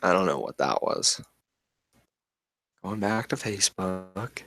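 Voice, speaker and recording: Low-voiced rambling man streaming. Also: very animated, slow pace, creaky, a bit bright, faint music behind. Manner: rambling, fidgety, self-described eccentric. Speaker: livestream host. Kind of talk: casual chat. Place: indoors at home with plants.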